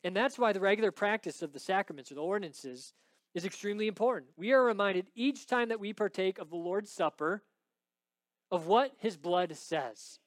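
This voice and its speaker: Male pastor, high voice, dry close sound, dramatic sermon delivery with hushed drops and loud peaks. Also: normal speed, no room sound.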